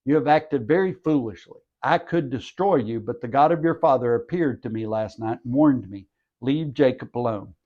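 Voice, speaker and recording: A man's voice: mid-range voice, moderate pace, phone-quality sound, natural voice. A man reading the part of an angry older father-in-law who accuses his son-in-law. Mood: indignant.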